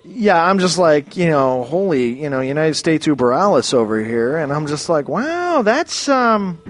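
Rambling, swearing man from Canada. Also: normal speed. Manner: rambling, swearing, restarts, sudden high exclamations. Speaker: ranting commentator. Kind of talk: profane rambling rant.

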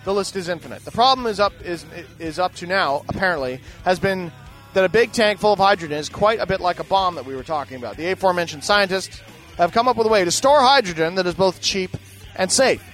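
High-voiced man riffing sarcastically on tech news. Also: expressive, fast, a bit bright, soft background music. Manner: profane, sarcastic asides between read-out news items. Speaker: podcast host. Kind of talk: reading tech news with off-the-cuff commentary.

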